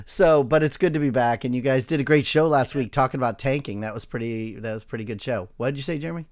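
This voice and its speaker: A man's voice: mid-range voice, quick pace, darkish tone. A man hosting a fantasy football podcast in a casual, easygoing way, laughing often. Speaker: podcast host.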